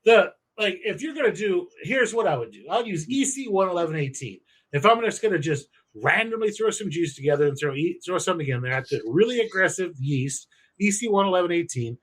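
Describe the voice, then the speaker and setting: A man with a slightly raised pitch co-hosts a casual podcast. He rambles through instructions, swearing for emphasis and correcting himself as he goes. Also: expressive, brisk, hardly any pauses, slightly rough. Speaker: podcast co-host. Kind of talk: casual profane chat.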